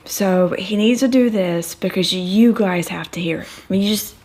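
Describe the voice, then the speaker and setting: A woman co-hosting a casual home vlog, teasing and pushing her co-host with quick interjections. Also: mid-range voice, darkish tone. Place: home at night.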